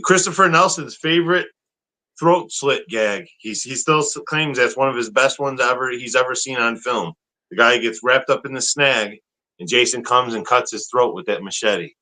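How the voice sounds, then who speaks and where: A man co-hosting a casual live horror-movie chat, enthusiastic and quick to laugh. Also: mid-range voice, pushed and bright, rough recording. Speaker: co-host.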